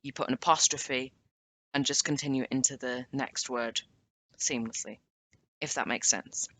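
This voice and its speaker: A woman giving a casual language lesson, chatting and correcting herself as she sounds out example phrases slowly. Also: extremely low pitch, fairly even intonation, a bit bright. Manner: chatty, self-correcting, drawn-out French examples. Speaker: language teacher.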